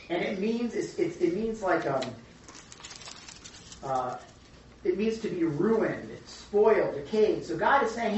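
A woman leading a Bible study, teaching in a chatty, animated storytelling way. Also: mid-range voice, normal speed, recorded from a distance, a little hiss or hum. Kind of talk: casual teaching. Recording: echoey room from afar, dull.

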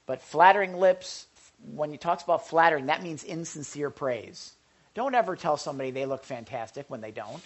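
A male pastor with a fairly high-pitched voice delivers a conversational sermon, often stammering and restarting and tossing joking asides to his congregation.

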